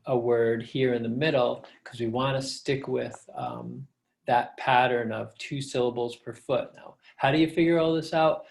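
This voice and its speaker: A middle-aged man lecturing as a professor over a slideshow, relaxed and conversational, with fillers, reading verse slowly to show its rhythm. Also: medium pitch, vocal fry. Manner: reads verse lines slowly to show the meter.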